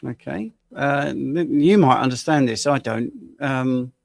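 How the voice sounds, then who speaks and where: A gravelly-voiced man in his sixties chats about health, telling stories at an even, measured pace. His voice sits at a middle pitch. The sound is dry and close. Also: no echo. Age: 60s. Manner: anecdotal, measured storytelling. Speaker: health coach. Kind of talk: casual health chat.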